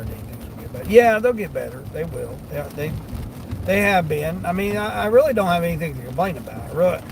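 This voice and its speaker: Chatting on a live stream from inside his vehicle, a delivery driver with a voice on the high side rambles folksily and chuckles a lot. Slight background noise can be heard.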